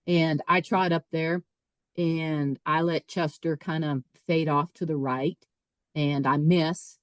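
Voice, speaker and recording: A woman, a podcast guest, telling a personal story in a lively way, often repeating and restarting her words. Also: low-pitched, slow pace, no echo, low-quality recording. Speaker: podcast guest, author and speaker. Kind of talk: casual storytelling.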